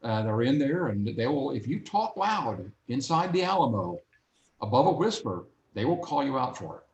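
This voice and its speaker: A man telling lively anecdotes as a guest in a casual interview, acting out little voices along the way. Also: medium pitch, normal speed, lo-fi sound. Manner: animated, acts out voices in anecdotes. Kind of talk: casual storytelling. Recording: roomy echo.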